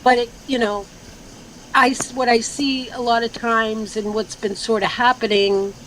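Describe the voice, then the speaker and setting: A woman's voice: on the high side, steady tone, unhurried, fairly bright tone, slight background noise, low-quality recording. A woman guest in a casual live chat, talking bluntly with plenty of fillers and free swearing. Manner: blunt and loose, swears freely, lots of fillers. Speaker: guest speaker.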